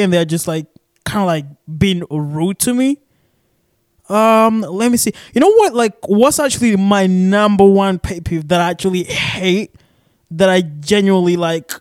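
Recorded dry in a shared studio office, a young Arizona man rambles through his casual solo podcast, cursing and using plenty of filler words. His voice sits high.

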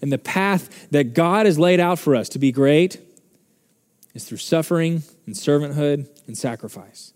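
Fervent preaching man, mellow voice. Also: on the high side, normal speed, big-room sound. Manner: impassioned, building to fervent peaks. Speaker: pastor. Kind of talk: sermon. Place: church sanctuary.

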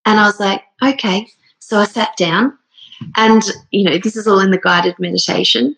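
Woman in her thirties, gravelly fry, rambling heartfelt monologue, near tears. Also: mid-range voice, normal speed, fairly bright tone, rough recording. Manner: earnest, rambling, with many fillers. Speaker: speaker sharing a personal story.

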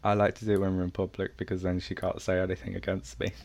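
A man's voice: deep voice, completely flat delivery, quick pace, vocal fry, darkish tone. An eighteen-year-old man from England co-hosting a casual podcast, teasing with dry sarcastic jabs. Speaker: podcast co-host. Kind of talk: casual chat.

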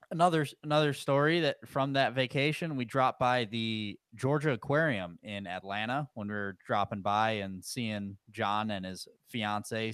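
Smooth low-voiced man telling stories. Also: no room sound. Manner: chatty storyteller, relaxed and joking. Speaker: podcast co-host. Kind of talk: casual chat.

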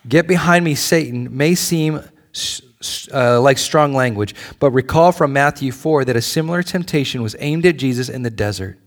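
A middle-aged man, a pastor, preaching a conversational sermon in a church, swinging between loud pleas and soft asides. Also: mid-range voice, normal speed.

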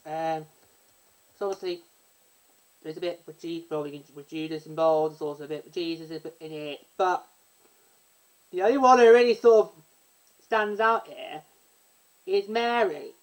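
A woman's voice: low voice, normal speed, long pauses, low-quality recording. A woman hosting a casual chat show, rambling and restarting her sentences as she talks through a musical she loves. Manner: rambling, self-interrupting, breaks into sung snippets. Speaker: podcast host.

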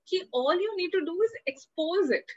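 A woman speaking haltingly on a call, with some fillers and restarts. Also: very high-pitched, lively intonation, dull audio.

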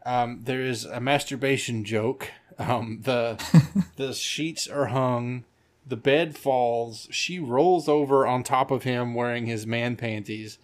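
A man in mid-range pitch chatting on a movie-review podcast. He retells scenes with lots of energy, breaks into laughter often, and acts out bits of dialogue as he goes. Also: takes it slowly. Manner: animated storyteller, laughs often, acts out quotes. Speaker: podcast co-host. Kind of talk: casual movie-review chat.

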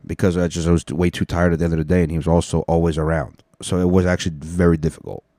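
Deep, mellow-voiced rambling male podcaster. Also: flat delivery, fast, dry recording, clean studio sound. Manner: loose, profane, rambling. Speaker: podcast host. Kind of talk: casual rambling solo podcast.

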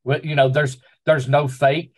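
Relaxed Southern man, pastor guest. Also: on the high side, unhurried. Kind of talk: casual chat.

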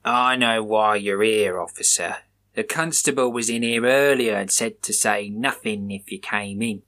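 A man voicing a guarded male shop worker who speaks slowly. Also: fairly low pitch, pushed and bright.

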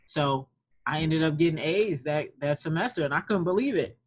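A young adult woman chatting casually, telling a relaxed, self-deprecating story. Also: sits low, normal speed, breathy edge, faint music behind. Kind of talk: casual chat.

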